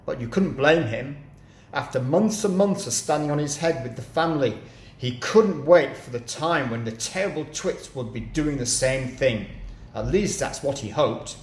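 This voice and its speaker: A man's voice: mid-range voice, expressive, normal speed. A man reading a children's story aloud expressively, in an echoey room. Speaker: reader.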